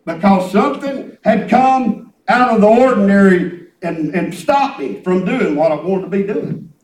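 High-voiced preacher, echoey room. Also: male voice, measured pace, darkish tone, distant mic. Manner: folksy, emphatic, repeats himself. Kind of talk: sermon.

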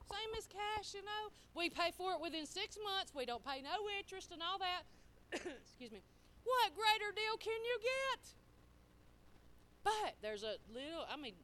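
A middle-aged woman preacher giving a sermon, telling folksy stories and prodding her congregation for responses, swinging between quiet and loud. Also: high voice, slight background noise.

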